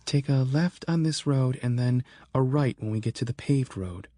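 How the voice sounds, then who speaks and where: A man's voice: mid-range voice, moderate pace, mellow, no echo, studio quality, voice pushed up, natural voice. A man voicing a worried young woman who gives directions in a tense, uneasy way. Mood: guiding.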